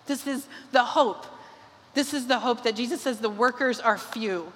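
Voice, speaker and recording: A woman's voice: fairly high pitch, a bit bright. A woman pastor preaching a sermon and leading a prayer, earnest and fervent. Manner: earnest, fervent, with quick bursts. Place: large church hall. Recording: long reverb of a church hall.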